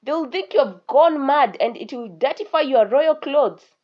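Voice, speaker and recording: An anxious male guard, fretting over the prince's safety and pleading with him, as a woman storyteller puts him on. The voice is fairly high on a muffled recording. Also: expressive, unhurried. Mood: worried. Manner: worried, pleading. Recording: dull lo-fi recording.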